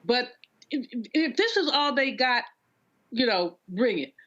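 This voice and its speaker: A woman's voice: a little high, lively intonation, unhurried, fairly bright tone, highs cut off, slight background noise. A woman commentator on a political panel, speaking bluntly and wryly. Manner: wry, blunt, conversational.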